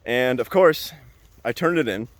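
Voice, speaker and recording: A young adult man hosting a podcast, telling a story in a casual, animated way and repeating phrases for emphasis. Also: medium pitch, measured pace, dry recording. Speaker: podcast host.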